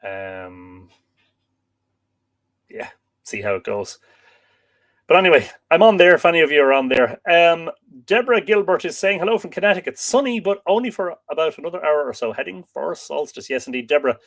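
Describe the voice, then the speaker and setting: An Irish man hosting a live stream, reading out viewer comments and chatting in a relaxed, rambling way with lots of fillers. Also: fairly high pitch, moderate pace. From Ireland. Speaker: host.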